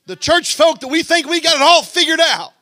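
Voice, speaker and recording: A man preaching a fervent sermon as pastor, building to shouts and then dropping low. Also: lively intonation, brisk, no echo.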